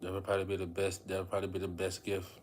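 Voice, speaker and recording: A man with a somewhat low voice livestreams to his viewers in an unscripted, meandering way. He repeats himself and speaks straight to the audience. A faint background noise sits under his voice. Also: completely flat delivery, rapid-fire. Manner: rambling, repeats phrases, addresses viewers as y'all. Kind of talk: casual livestream talk to viewers.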